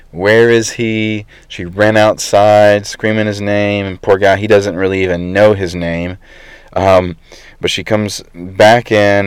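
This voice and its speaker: A man's voice: low voice, smooth, dry recording. A man in his thirties, a pastor preaching a conversational sermon with frequent fillers.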